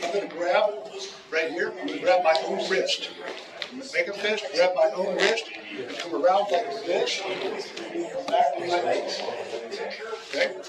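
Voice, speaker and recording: A man's voice: high voice, fairly even intonation, unhurried, long pauses. A man teaching a self-defense seminar, joking and repeating words as he talks through demonstrations. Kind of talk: teaching a martial arts seminar. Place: large echoey training hall. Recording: echoey hall from far off with loud room noise.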